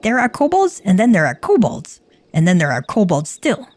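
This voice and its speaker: A woman's voice: medium pitch, wildly swooping pitch, normal speed, darkish tone, no room sound, voice pushed up. A woman voicing a frantic captured kobold creature in a video game, babbling and repeating itself in panic.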